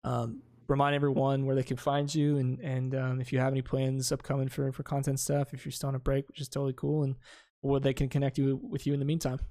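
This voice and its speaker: A man's voice: mid-range voice, monotone, fast talker, warm tone. A man hosting a podcast, wrapping up in a friendly, rambling way with lots of fillers. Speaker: podcast host. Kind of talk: casual chat.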